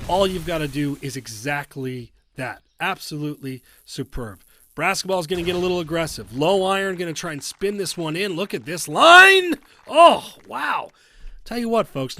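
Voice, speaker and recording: Excitable man calling golf game matches. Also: on the high side, slight background noise. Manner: excitable, bursts into shouts at big shots; chatty, jokey asides. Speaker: commentator. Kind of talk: video game play-by-play commentary.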